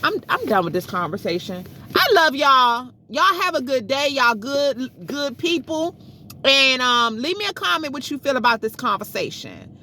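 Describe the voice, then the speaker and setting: Bright-voiced exasperated woman vlogging. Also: sits high, very animated, moderate pace, a little hiss or hum. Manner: exasperated, chatty, addresses viewers as y'all. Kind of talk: casual storytelling vlog.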